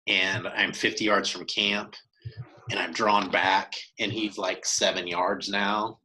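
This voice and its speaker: A man tells a hunting tale on a podcast, his voice bright and forceful and a bit low. He talks in an animated way, restarting sentences often. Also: slow, low-quality recording. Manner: animated, acts out quoted dialogue, many restarts. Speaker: podcast co-host telling a hunt story. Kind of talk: casual storytelling chat.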